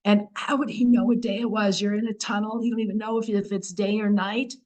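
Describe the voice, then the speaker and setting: A woman's voice: medium pitch, flat delivery, brisk, darkish tone, poor audio. Woman giving an earnest, chatty Torah lesson. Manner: conversational storytelling, earnest, many fillers and restarts. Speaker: Torah teacher and host. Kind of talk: informal weekly Torah lesson.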